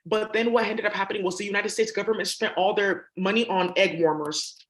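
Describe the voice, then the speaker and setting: A woman talking in a rapid, profane monologue that jumps from topic to topic. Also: medium pitch, steady tone. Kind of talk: rambling monologue.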